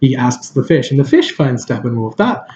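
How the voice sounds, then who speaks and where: A man's voice: mid-range voice, very animated, moderate pace, a little mellow, lo-fi sound. A man giving a casual film review, rambling and hesitant, with lots of fillers and restarts.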